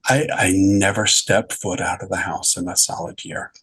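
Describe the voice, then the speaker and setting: Husky low-voiced middle-aged man. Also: little pitch movement, fairly bright tone, poor audio. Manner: halting, repeats and corrects words. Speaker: podcast guest. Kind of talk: personal storytelling.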